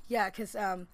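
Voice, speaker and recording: A woman guest telling her own story in a casual interview, animated, laughing often and swearing as she acts out what people said. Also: mid-range voice. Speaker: guest, former anchor-out resident.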